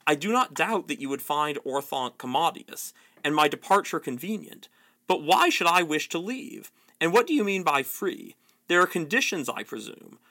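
Scornful old wizard, sneering and shrill, read by a man. Lively, bright delivery. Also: normal speed, no room sound, studio quality, full character voice. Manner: sneering and mocking, rising to a scream.

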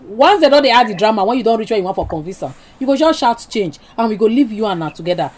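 Woman radio host, nigerian pidgin, higher voice, chatty with callers. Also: lively intonation, quick pace, darkish tone. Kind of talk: phone-in radio show.

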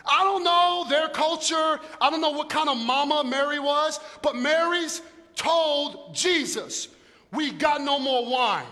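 Middle-aged male pastor, very high bright voice, jokey and animated sermon; big echoing church hall. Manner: animated, humorous, conversational, shouting for emphasis. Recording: long echo of a large hall.

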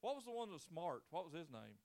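A man's voice: fairly high pitch, sing-song, fast talker, a little mellow. A man in his forties, a pastor preaching a sermon with folksy, joking storytelling and casual grammar. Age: 40s.

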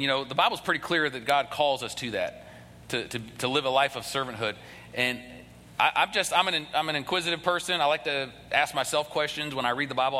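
A man's voice: mid-range voice, bright, forceful tone. A man who is a pastor preaching a sermon in church, earnest, often restarting and repeating words. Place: church sanctuary. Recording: long hall reverb, faint noise.

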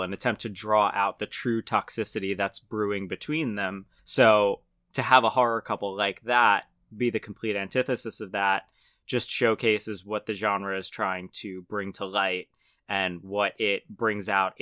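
Low-voiced man in casual podcast chat. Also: moderate pace, no room sound, studio quality. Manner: relaxed, analytical, frequent "like". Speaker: podcast co-host. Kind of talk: casual chat about horror films.

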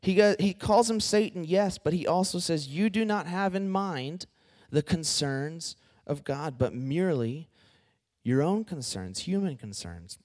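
Young man, campus ministry speaker, casual sermon, lively and conversational, slightly high voice. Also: a little slow. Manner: conversational and animated, addresses the group as "y'all" and "guys". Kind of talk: casual sermon to a student group.

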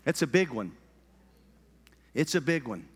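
A male preacher, preaching an animated sermon and calling out to his congregation. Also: mid-range voice, a little slow, breathy edge, big-room sound. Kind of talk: lively sermon. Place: church sanctuary.

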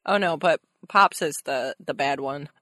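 A woman's voice: low-pitched, unhurried, sharp tone, no room sound, clean studio sound. A young woman co-hosting a podcast in casual chat, joking and swearing freely. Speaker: podcast co-host.

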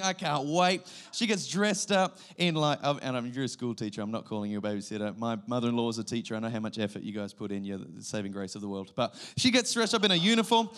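His pitch fairly high, a thirtysomething Australian man preaches as a visiting pastor. The sermon mixes energetic storytelling with sudden spikes in volume.

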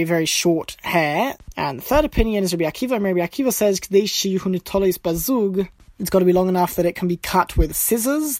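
Measured man teaching a text line by line. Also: high-pitched, dry recording. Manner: measured, explanatory, quotes a phrase then paraphrases it. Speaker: Torah teacher. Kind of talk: text-study lesson, reading and translating line by line.

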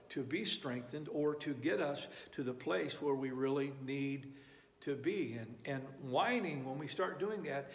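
A man's voice: a little high, vocal fry. A man preaching a sermon, emphatic and repeating phrases for effect. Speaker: pastor. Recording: echoey hall reverb.

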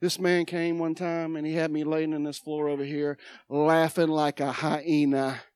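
A woman preacher, giving a dramatic sermon, moving from loud proclaiming to quiet asides. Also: deep voice, flat delivery, moderate pace, smooth, no room sound, clean studio sound. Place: church sanctuary.

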